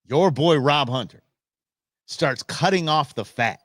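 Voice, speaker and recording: A man hosting a live stream show, ranting and joking in a casual, animated way. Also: on the high side, unhurried, dry recording, clean studio sound. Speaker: host. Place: Phoenix.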